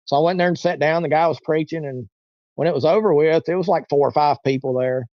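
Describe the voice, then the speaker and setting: A man's voice: fairly high pitch, fast, dry recording, lo-fi sound. A man telling a long personal story in casual interview talk, rambling and repeating himself, acting out the voices of people he quotes. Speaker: interview guest.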